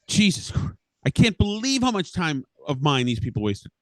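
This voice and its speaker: Sing-song and a little high, this man's voice keeps a moderate pace and a fairly bright tone, with no room sound at all. He's a middle-aged podcast host delivering an angry, profane rant, sputtering and restarting.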